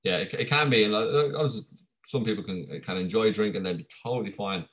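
A man's voice: fairly low pitch, fast talker, fairly bright tone. A young man hosting a podcast, talking earnestly and reflectively in a casual interview. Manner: earnest, reflective, many fillers. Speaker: podcast host.

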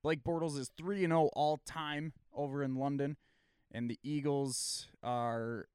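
Chatty man, smooth dry voice. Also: on the high side, steady tone, measured pace, a little mellow, dry recording. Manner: chatty, laughs often. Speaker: sports podcast co-host. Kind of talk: casual sports chat.

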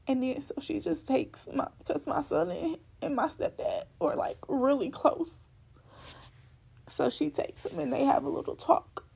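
A woman's voice: high-pitched, steady tone, measured pace, vocal fry, darkish tone. A young woman telling a personal story in a candid, rambling way, full of fillers.

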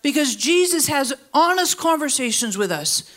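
A woman pastor preaching a sermon to a congregation that is both in the room and online. She talks in an animated way, leaping up high for emphasis and then dropping low and slow, and she asks the listeners to fill in words. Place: church service, also streamed online.

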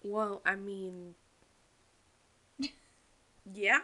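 A woman's voice: mid-range voice, flat delivery, very slow, sharp tone. A woman co-hosting a casual podcast, chiming in with short reactions and swearing freely. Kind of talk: casual chat.

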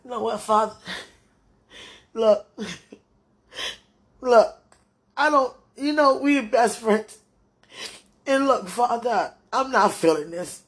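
A woman with a high voice pours out a tearful prayer, pleading with God, her words slow and drawn out. Her voice cracks with crying and now and then sinks to a breathy whisper. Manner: pleading, talking to God aloud. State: tearful, voice breaking. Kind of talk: emotional spoken prayer.

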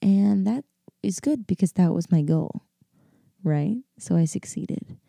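A woman's voice: lowish voice, expressive, unhurried, vocal fry, mellow, dry recording, clean studio sound. A woman in her early twenties hosting a casual solo podcast, rambling and upbeat with lots of fillers and laughter, and sounding sleepy. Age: 20s. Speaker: podcast host.

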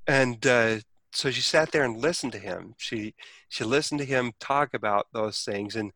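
A man's voice: mid-range voice, normal speed, pushed and bright, no echo. A man telling a personal story in casual conversation, rambling with many restarts and acting out quoted speech.

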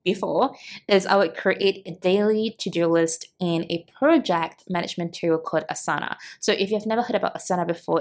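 A woman from Singapore hosting her own podcast, talking in a chatty, upbeat way with lots of fillers. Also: lowish voice. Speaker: podcast host and business coach. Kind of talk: casual solo podcast talk.

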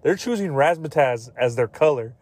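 A man's voice: medium pitch, lively intonation, moderate pace, a little mellow, dry recording. A man hosting a podcast in casual chat, rambling and swearing as he laughs at his own jokes. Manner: rambling, profane, laughs often. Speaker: podcast host.

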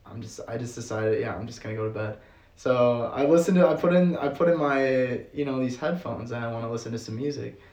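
A young man from Wisconsin telling a rambling, animated story as a podcast guest, with lots of fillers and laughter. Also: mid-range voice, muffled recording. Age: young adult. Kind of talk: casual storytelling. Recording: roomy sound from off the mic.

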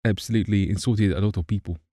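A man's voice: lowish voice, fast, dark tone, slight background noise. A man hosting a podcast in casual chat, joking and playing with words. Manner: jokey, playful wordplay. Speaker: podcast host.

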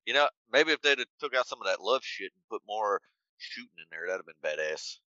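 A man's voice: lowish voice, lively intonation, fast, sharp tone, no room sound, dull audio. A man co-hosting a casual movie podcast, trading crude, teasing jokes with his co-host.

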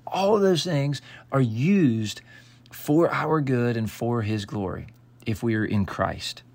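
A man's voice: medium pitch, lively intonation, slow pace, creaky, a little mellow. A man giving devotional Bible teaching, earnest and emphatic, quoting scripture and often restarting phrases. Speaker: pastor.

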